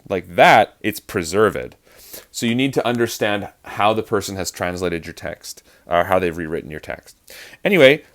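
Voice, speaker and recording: Low-voiced man teaching verse rhythm. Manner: explanatory, with frequent fillers and restarts. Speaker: acting teacher. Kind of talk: online lesson on verse speaking.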